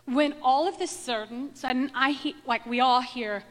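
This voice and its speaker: A woman telling a self-mocking personal story to a live audience in a chatty, animated way. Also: high voice, moderate pace. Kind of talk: storytelling talk. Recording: echoey hall with long reverb.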